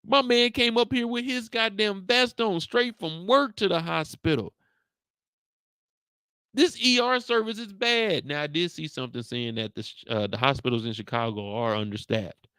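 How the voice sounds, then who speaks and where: A man's voice: high voice, moderate pace, bright, forceful tone, smooth, no echo. A man hosting a casual, profane recap and reaction to a TV episode, telling it as a comic story. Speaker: host.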